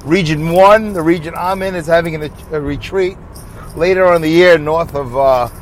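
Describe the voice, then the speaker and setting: A man's voice: on the high side, moderate pace, slight background noise, low-quality recording. A man hosting a casual solo podcast, rambling and thinking aloud, asking and answering his own questions. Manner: leads listeners through a breathing break. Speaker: podcast host.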